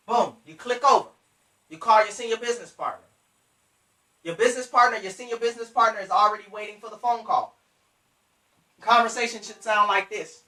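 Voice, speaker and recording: A bright, forceful coaching voice that drives each point home, repeating and speaking straight to the audience. The voice sits back from the mic, and the room around it rings with echo. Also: medium pitch, brisk, distant mic. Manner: emphatic, repetitive, coaching directly to listeners. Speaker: business trainer. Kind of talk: motivational sales coaching.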